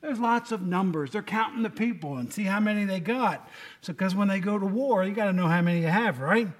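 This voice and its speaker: A man's voice: high voice, fairly quick. A man giving a casual, joking sermon to a congregation, often asking them questions. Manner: chatty, joking, asks the room questions. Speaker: lay preacher.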